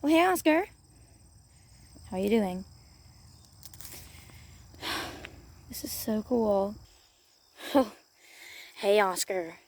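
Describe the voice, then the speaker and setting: A woman narrating a playful doll role-play in an excitable voice, gasping and exclaiming as she goes. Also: mid-range voice, drawn-out words, long pauses.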